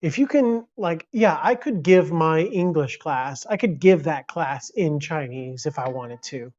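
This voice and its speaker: A man's voice: fairly high pitch, lively intonation, unhurried, darkish tone. Rambling American man on a lo-fi stream. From United States. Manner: rambling, talkative, reacts to viewer comments. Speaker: live streamer. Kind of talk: casual live-stream chat.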